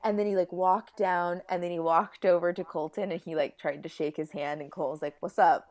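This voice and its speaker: A woman's voice: lowish voice, brisk. A young woman co-hosting a podcast in casual chat, telling stories with profanity and frequent laughter. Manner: animated, profane, laughing storyteller. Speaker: podcast co-host.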